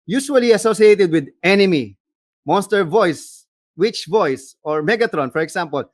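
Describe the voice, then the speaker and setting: An animated man with a Filipino accent leads a voice workshop, switching between English and Tagalog as he explains and demonstrates. His voice sits a bit high for a man and sounds dry and close, with little room sound. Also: moderate pace, dry recording. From Philippines. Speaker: voice acting coach. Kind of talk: seminar lecture.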